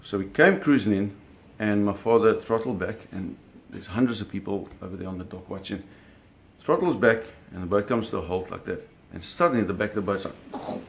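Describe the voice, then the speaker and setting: A man's voice: mid-range voice, lively intonation, moderate pace, gravelly. A man telling a vivid personal story in a casual way, cursing freely and acting out the sounds and scenes. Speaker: storyteller recounting a personal experience.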